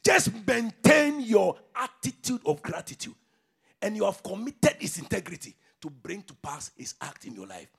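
Fervent raspy high-pitched preacher man. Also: very animated, moderate pace. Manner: fervent preaching that swings between shouts and low murmurs, with call-and-response. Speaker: pastor. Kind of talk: sermon.

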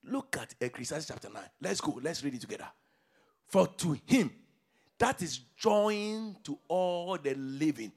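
A man preaches a fervent sermon, calling out to his congregation and swinging from shouted declarations to low, hushed lines. His voice sits high and husky, with a gravelly fry. The pitch leaps around with wild animation. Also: sing-song, unhurried. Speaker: pastor.

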